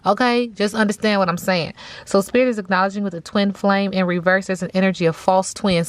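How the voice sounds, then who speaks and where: A woman giving a casual tarot reading in a chatty, drawn-out way, often checking in with "okay?". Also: medium pitch, fairly even intonation, no echo. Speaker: tarot reader.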